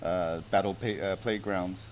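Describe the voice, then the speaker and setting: Guest guy on a podcast, real deep voice, kinda hesitant, little bit of background noise. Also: steady tone, unhurried. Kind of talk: casual chat.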